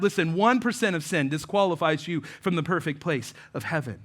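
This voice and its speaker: A pastor delivers a sermon in a slightly high male voice. He tells stories and acts out the people he quotes. He often drops to a near-hush at the end of a phrase. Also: brisk, few pauses. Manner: preaching with story-telling, voicing quoted people.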